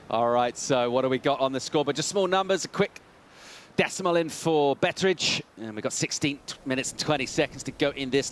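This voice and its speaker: An upbeat man at mid pitch calls surfing live, chatty and quick with a joke. His commentary runs over a faint hum of noise in the background. He keeps the energy bright between the rides. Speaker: play-by-play surf commentator.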